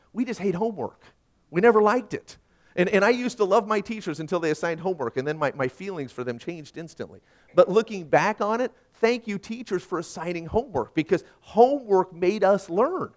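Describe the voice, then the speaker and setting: A male pastor in his thirties delivers a sermon in a conversational, storytelling way. His voice sits high and swings widely in pitch. He pokes fun at himself and keeps putting questions to his listeners. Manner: conversational, self-deprecating storytelling with rhetorical questions.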